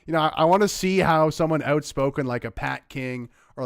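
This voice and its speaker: A man from Canada giving sarcastic, animated commentary while reacting to a news clip. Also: mid-range voice, normal speed, few pauses, clean tone, dry recording, studio quality. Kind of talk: casual political commentary.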